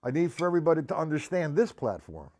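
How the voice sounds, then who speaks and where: A man's voice: fairly high pitch, huge pitch swings, fast talker, darkish tone. Man teaching drums, counting beats aloud. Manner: counts beats aloud, calls on students by name. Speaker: drum teacher. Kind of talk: live-streamed drum lesson. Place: drum studio indoors. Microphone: live stream microphone. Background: drum playing.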